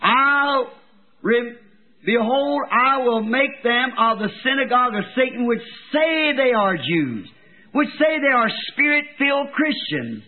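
A man preaching a fervent sermon, his voice swinging between soft, pleading stretches and loud ones. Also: very high voice, expressive, unhurried, narrow, tinny audio.

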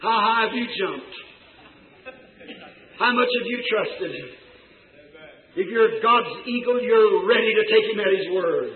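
A man preaching an impassioned revival sermon that bursts into shouts. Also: high voice. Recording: tinny echoey hall recording.

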